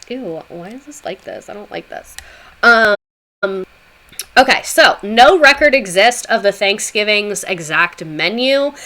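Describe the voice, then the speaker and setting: Bright-voiced sarcastic woman streamer. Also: medium pitch. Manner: sarcastic, chatty, swearing asides. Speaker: livestreamer. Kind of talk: casual history livestream chatting with viewers.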